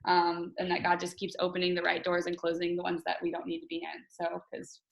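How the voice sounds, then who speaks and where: A woman's voice: lowish voice, monotone, a little fast, creaky, roomy sound, low-quality recording. A woman coach hosting a casual team video call, chatty and candid, often laughing as she talks.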